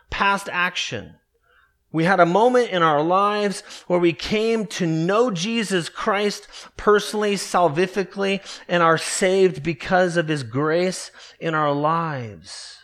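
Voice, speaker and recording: A man preaching a morning sermon, earnest and emphatic, slowing down to stress key words. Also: sits high, a bit bright. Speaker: pastor.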